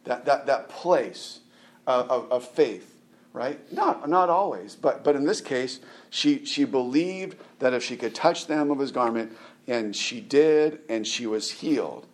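A middle-aged man preaching in a loose, conversational way, with a voice of ordinary middle pitch. He tosses "right?" at his listeners and stumbles over repeated words. He leaps up high to stress a point. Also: unhurried. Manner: keeps asking "right?", restarts and repeats words; animated, jumps up in pitch for emphasis. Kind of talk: conversational sermon.

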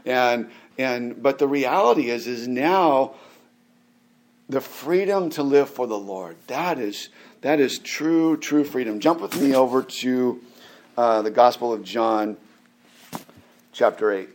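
A man's voice: medium pitch, expressive, slow pace. A man in his forties preaching a sermon in a casual, conversational way, with frequent fillers and restarts and emphatic rises. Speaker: pastor.

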